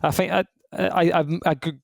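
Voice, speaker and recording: Man, Scottish accent, thirties, rambling chat, gravelly voice, dry close sound. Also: high-pitched, moderate pace, no room sound, low-quality recording. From Scotland. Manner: rambling, frequent restarts, relaxed storytelling. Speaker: retired footballer guest. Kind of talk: casual podcast chat.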